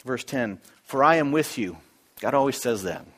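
A man's voice: medium pitch, animated, normal speed, a bit bright. A man preaching a sermon through a Bible passage, emphatic and repeating key phrases as he builds his points. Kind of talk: expository sermon.

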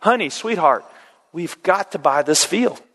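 A man voicing an excited husband eagerly persuading his wife, heard in an echoey hall. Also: fairly high pitch, measured pace, a little hiss or hum. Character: excited eager husband, a real estate agent.

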